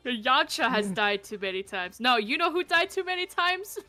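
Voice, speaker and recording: A woman's voice: sits high, big pitch swings, normal speed, pushed and bright, soft background music. A woman guest on a streamed talk show, chatty and rambling, swearing casually and laughing a lot. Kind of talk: casual streamed interview chat.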